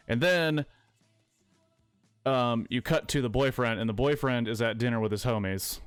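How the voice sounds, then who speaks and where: A man's voice: mid-range voice, moderate pace, clean tone, no echo. Rambling, profane guy retelling a movie. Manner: profane, rambling, corrects himself mid-sentence. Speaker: streamer retelling a film inside a video game. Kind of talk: casual comedic film retelling. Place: his apartment.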